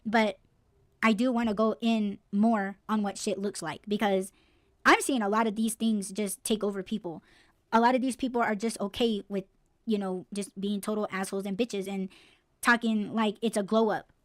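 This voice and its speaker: A woman's voice: medium pitch, steady tone, moderate pace, dry recording, studio quality. A woman hosting a podcast, ranting bluntly and swearing freely in a casual, heated way. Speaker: podcast host.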